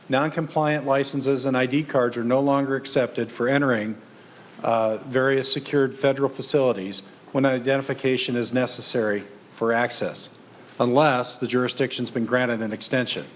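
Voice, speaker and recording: A man, a state senator, presenting a bill to a committee in measured, prepared remarks. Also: mid-range voice, steady tone. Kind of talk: formal testimony. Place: legislative hearing room.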